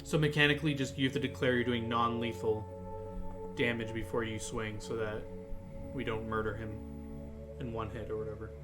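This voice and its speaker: A man with a mid-pitched voice plays a tabletop game in relaxed chat. He talks quickly and asks a lot of questions, with music clearly audible behind him. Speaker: player.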